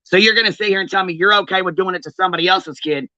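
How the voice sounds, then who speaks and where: A woman's voice: on the low side, rapid-fire, sharp tone, no room sound. A woman hosting a livestream, calling someone out in a heated, profane, confrontational rant. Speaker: livestream host. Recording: dull, lo-fi stream audio.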